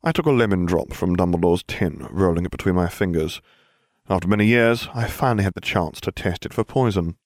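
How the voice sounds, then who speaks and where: Deep-voiced man narrating an audiobook. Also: a little fast, no room sound, clean studio sound.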